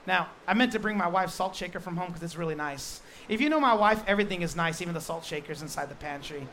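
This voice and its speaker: A man's voice: high-pitched, fast talker, a little hiss or hum. Jokey, emphatic male pastor preaching. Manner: lively and joking, with emphatic repeated restarts. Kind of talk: sermon.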